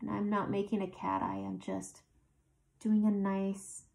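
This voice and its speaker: Chatty woman with a gravelly edge. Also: mid-range voice, level tone, measured pace, warm tone. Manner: chatty, talks through each step while applying makeup. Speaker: makeup tutorial host. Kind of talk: casual makeup tutorial narration.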